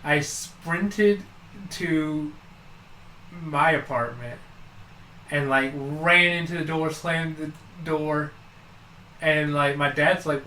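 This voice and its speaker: A man's voice: a little high, takes it slowly, long pauses, pushed and bright, roomy sound, a little hiss or hum, rough recording. A man co-hosting a podcast, telling a long childhood story in casual chat, full of fillers and restarts. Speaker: podcast co-host.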